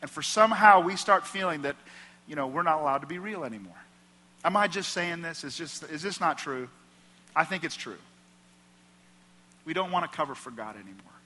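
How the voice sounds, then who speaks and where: A man with a Midwestern American accent preaches in a church hall, his bright, forward voice carrying a long reverb tail. He talks to the room earnestly and conversationally, pitched slightly high for a man. He stacks up repeated phrases to press each point home. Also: animated, brisk, pauses often. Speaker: pastor. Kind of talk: sermon. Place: church auditorium.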